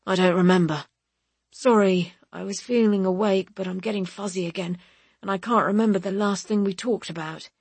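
A woman voicing a tired, gentle young man who speaks softly and apologetically after a fit, in a dry, breathy read. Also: medium pitch, steady tone, moderate pace, no echo. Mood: weary. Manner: soft, drowsy, apologetic.

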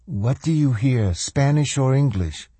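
Audiobook: man doing a gruff, urgent woman, husky tone, close and dry. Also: mid-range voice, animated, unhurried, mellow, no echo, voice pushed up. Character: blunt, tough-talking older woman called Sister.

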